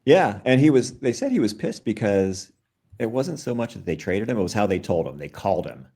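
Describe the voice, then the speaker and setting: A man with a low voice tells a story in casual chat. His tone is wry and offhand, and he drops in side facts as he goes. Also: lively intonation, a little fast, vocal fry, warm tone, slightly rough. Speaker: podcast co-host.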